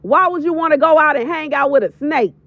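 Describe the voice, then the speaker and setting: A woman's voice: sits high, a little fast, no echo. A woman in her thirties giving an emphatic, preachy prophetic warning as a voiceover, repeating lines for stress. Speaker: prophetic video creator. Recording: dull lo-fi voiceover.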